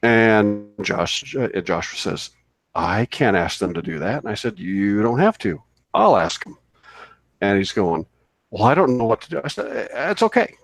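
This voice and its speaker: A man's voice: lowish voice, sing-song, normal speed, creaky, no echo. A man co-hosting a radio show, telling a long story in a casual, rambling way, full of fillers and restarts. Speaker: co-host. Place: radio studio.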